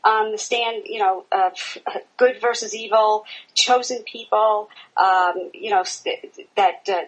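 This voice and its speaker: A woman co-hosting a casual podcast chat, talking haltingly with many fillers. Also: medium pitch, fairly even intonation, low-quality recording. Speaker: podcast co-host.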